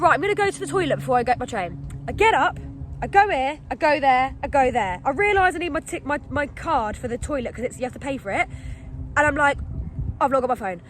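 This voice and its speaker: A young woman telling a storytime vlog to her phone camera outdoors, animated and acting out her own panic. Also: high-pitched, slight background noise. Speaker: vlogger. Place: outdoors in wet weather.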